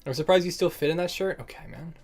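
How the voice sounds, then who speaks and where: A man's voice: fairly high pitch, quick pace, darkish tone, faint music behind. A young man streaming and chatting casually with viewers, joking and laughing often and calling people bro and man. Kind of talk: casual livestream chat.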